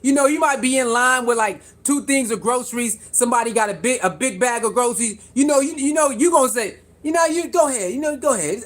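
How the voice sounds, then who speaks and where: Vlogger with a mid-range pitch riffing to camera in an animated, repetitive style, quizzing viewers and laughing between points. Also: fast, few pauses. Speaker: sports commentary vlogger. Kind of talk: casual commentary to camera.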